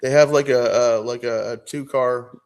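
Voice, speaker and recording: A man's voice: medium pitch, fairly even intonation, moderate pace, darkish tone. A middle-aged man on a podcast, telling a profane story in casual chat, often laughing. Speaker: podcast co-host.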